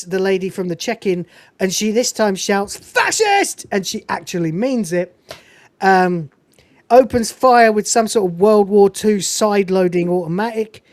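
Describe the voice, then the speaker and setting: On her podcast, a woman with a medium-pitched voice and no echo rambles through a film scene recap. She's animated and foul-mouthed, and keeps drifting into side topics.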